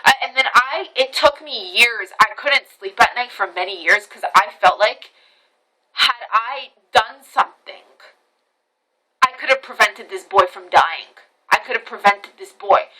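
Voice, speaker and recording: A woman with a fairly high, bright and forceful voice tells a story straight into her camera phone. She rushes and circles back, repeating herself and cursing as she retells what happened, in a casual, unscripted vlog manner. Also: low-quality recording. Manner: animated retelling with many restarts and repetitions, swearing. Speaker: vlogger.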